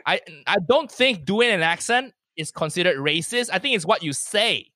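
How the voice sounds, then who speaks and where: Brief: comedian from Malaysia, man, high bright voice, quick and emphatic, dry close sound. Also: lively intonation, no room sound. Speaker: comedian, podcast guest. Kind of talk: casual chat.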